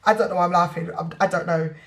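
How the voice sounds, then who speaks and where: A woman's voice: lowish voice, steady tone, fast talker. A young woman with a Caribbean accent, chatting casually to camera about her budget, sassy and playful, slipping into patois. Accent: Caribbean, West Indian patois in places. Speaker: budgeting vlogger.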